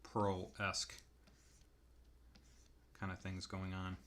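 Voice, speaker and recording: Man, lowish voice, artist thinking aloud while drawing, casual, unhurried, musing. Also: completely flat delivery, a bit bright, a little hiss or hum. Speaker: artist demonstrating character design.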